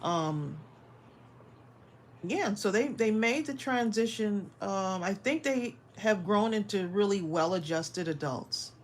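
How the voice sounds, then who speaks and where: Woman on a home craft livestream, talks slow and thoughtful, easy chat. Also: mid-range voice, lively intonation, a little hiss or hum. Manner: unhurried and thoughtful, laughs often. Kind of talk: casual chat.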